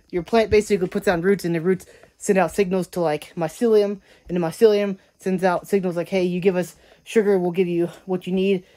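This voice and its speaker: A woman vlogger rambles along quickly in a mellow, low-ish voice. She sounds casual and chatty, recorded on a handheld camera at home. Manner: rambling, chatty, talks to her cats. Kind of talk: casual vlog chat.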